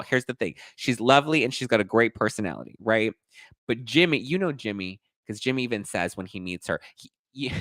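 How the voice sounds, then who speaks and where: A man hosting a podcast and dishing gossip in a sassy, animated way, acting out quotes in different voices. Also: fairly low pitch, no echo. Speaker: podcast host. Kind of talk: casual gossip commentary.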